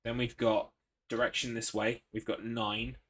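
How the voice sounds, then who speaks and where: His medium-pitched voice stays level and fairly bright, moving at a measured pace. An English streamer playing a horror game on his computer, he keeps up relaxed commentary, occasionally swears, and reads and replies to chat.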